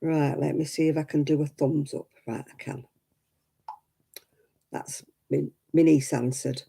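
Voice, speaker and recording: Gravelly, chatty woman. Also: deep voice, steady tone, unhurried, dark tone, rough recording. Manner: chatty, self-deprecating, greets viewers by name. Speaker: crafting livestream host. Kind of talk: casual livestream chat with viewers.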